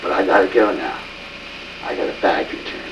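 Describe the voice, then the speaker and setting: A cheesy, suave lover croons slow lines, played by a man in a homemade skit. His voice is low and unhurried. The sound is distant, roomy and dull. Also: creaky, background noise. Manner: slow, suave, seductive drawl. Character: smooth-talking man flirting with a bag. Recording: echoey lo-fi home video from far off.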